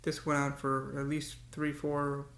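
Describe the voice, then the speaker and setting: Man vlogging, rambling monologue, gravelly voice, fairly high pitch, echoey room. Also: completely flat delivery, measured pace, fairly bright tone. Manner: rambling, repeats words, cursing rants.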